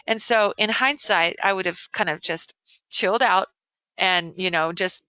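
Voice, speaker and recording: Woman in her sixties, longtime educator, bright tense tone, dry close podcast sound, earnest rambling guest. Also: medium pitch, moderate pace, no echo, low-quality recording. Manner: earnest, rambling, many restarts. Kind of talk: casual interview chat.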